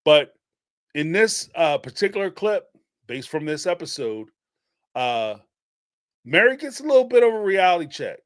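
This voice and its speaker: A man's voice: a little high, big pitch swings, moderate pace, pauses often, clear, resonant tone, no room sound, clean studio sound. A man hosting a casual live-streamed reality TV recap, rambling and chatty with lots of fillers and laughter.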